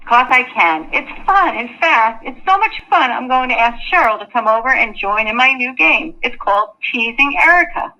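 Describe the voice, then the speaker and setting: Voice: medium pitch, expressive, normal speed, hardly any pauses, pushed and bright, dull audio. A woman playing a bossy mean girl who bullies a classmate, mocking and taunting in a school skit.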